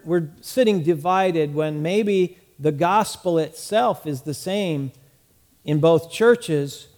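A man's voice: a little high, a little mellow. Earnest male pastor preaching. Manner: earnest, repeats words as he preaches. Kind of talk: sermon. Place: small church.

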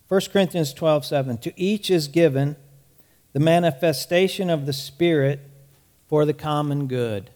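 A man preaching in a small church, his voice sitting a little high for a man. He talks earnestly and often doubles back on his words. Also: darkish tone. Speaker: pastor. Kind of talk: sermon.

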